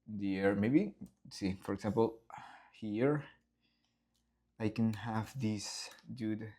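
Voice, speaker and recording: Lively man explaining his storyboards. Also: lowish voice. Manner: enthusiastic, acts out scenes with sound effects and swearing. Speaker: animator walking through his storyboards. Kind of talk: casual behind-the-scenes vlog.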